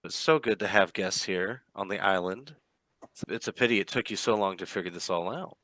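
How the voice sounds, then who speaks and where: A man's voice: sits low, brisk, fairly bright tone, no room sound. A man voicing a gloating, teasing villainous sorceress in a tabletop game, speaking in a mocking, theatrical way. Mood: gloating taunts.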